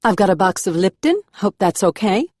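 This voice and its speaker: A friendly, nosy young woman in a thriller audiobook, as the narrator puts her on, her lilting South American cadence stretched by a Southern drawl. She sounds raised and bright, eager to help, in a close, dry recording. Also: fairly high pitch, very animated, a little fast, no echo, voice pushed up. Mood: friendly, curious. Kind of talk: audiobook character voice.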